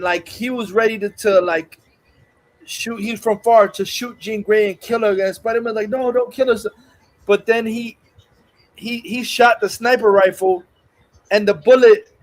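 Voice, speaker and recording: A man hosting a livestream, casually retelling a movie scene by scene in a rambling, profane way and acting out the quotes. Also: high voice. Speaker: livestream host. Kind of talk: casual movie review chat.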